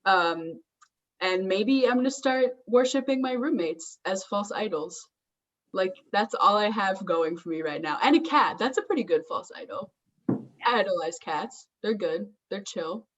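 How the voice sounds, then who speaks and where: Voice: medium pitch, a little slow, a bit bright, muffled recording. A comedian doing debate banter in an offhand, giggly way.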